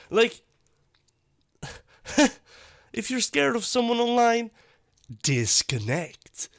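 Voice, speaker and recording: A man giving blunt, profane reaction commentary, talking in an animated and dismissive way. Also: sits high, takes it slowly, gravelly, pauses often, no echo, studio quality. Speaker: YouTube commentator.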